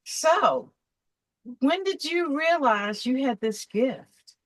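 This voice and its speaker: A woman's voice: high voice, lively intonation, slow pace, no room sound, rough recording. A woman hosting an interview, introducing her guest in an eager, effusive way. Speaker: interview host. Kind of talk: enthusiastic introduction and chat.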